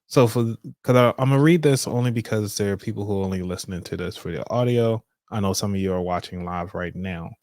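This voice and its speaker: A man's voice: on the low side, fast talker, hardly any pauses, darkish tone, no room sound, studio quality. A man hosting a live money show, talking loosely and offhandedly with trailing asides. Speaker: podcast host. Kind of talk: casual live demonstration.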